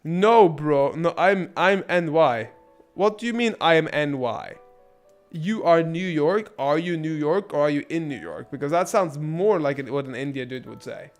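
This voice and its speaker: Male streamer, raised-pitch voice, rambling sarcastic commentary, faint music behind. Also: normal speed. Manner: rambling, crude and sarcastic, many restarts. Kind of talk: casual gameplay commentary.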